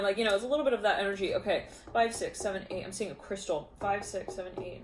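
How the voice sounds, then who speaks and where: A woman's voice: mid-range voice, quick pace, few pauses, reverberant, noisy background. A woman giving a casual spoken tarot reading, chatty and full of fillers, giggling often. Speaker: tarot reader.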